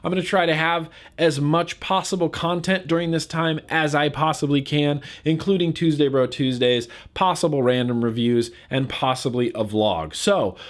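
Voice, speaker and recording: A man's voice: fairly high pitch, normal speed, hardly any pauses. A man from California talking casually to camera in a vlog, getting fired up and repeating words for emphasis. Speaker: vlogger.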